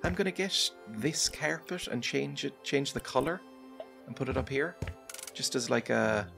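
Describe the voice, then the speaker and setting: A man's voice: medium pitch, normal speed, fairly bright tone. A man hosting a home-streamed game video, chatting casually and self-deprecatingly as he plays. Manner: rambling, self-deprecating, chatty with frequent laughs. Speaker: gaming channel host. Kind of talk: casual let's-play commentary. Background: game music playing clearly.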